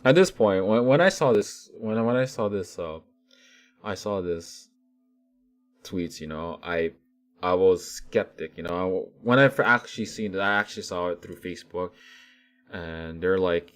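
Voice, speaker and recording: Male vlogger, deep-pitched, animated rambling commentary. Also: moderate pace. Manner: animated, rambling, many restarts and fillers. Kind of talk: casual ranting commentary.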